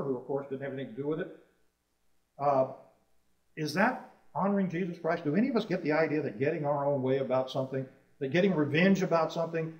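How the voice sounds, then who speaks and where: Preacher in an echoey church. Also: male voice, on the high side, darkish tone. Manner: emphatic, rising on key phrases, asking the congregation questions. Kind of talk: sermon. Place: church assembly hall. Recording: roomy, distant, dull old church recording.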